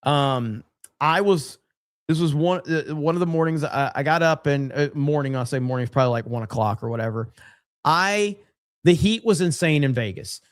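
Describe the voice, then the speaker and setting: Guy streamer rambling on, reading chat out loud, voice sits a bit high. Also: moderate pace. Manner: rambling, reads viewer chat aloud. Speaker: livestream host. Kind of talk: casual live stream chat.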